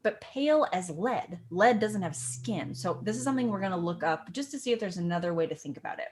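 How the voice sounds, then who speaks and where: A young woman teaching acting, explaining a monologue line by line in a playful, animated way and punching key words for emphasis. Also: fairly low pitch, quick pace.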